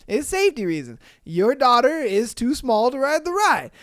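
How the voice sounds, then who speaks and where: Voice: high voice, very animated, moderate pace, fairly bright tone, no echo, studio quality. A podcast host reading listener stories aloud and reacting with slangy, swearing, laugh-filled commentary.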